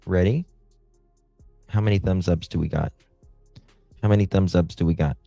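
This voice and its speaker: A man's voice: low voice, fairly even intonation, moderate pace, vocal fry, warm tone, no room sound, faint music behind. A man hosting a live stream, chatting sarcastically with his viewers. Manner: sarcastic, talks to chat viewers. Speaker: livestream host. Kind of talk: casual live-stream commentary.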